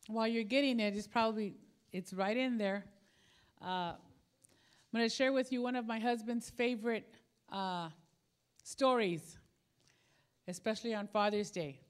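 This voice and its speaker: Woman, middle-aged, sermon, conversational, storytelling, fairly high. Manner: warm storytelling, conversational with fillers.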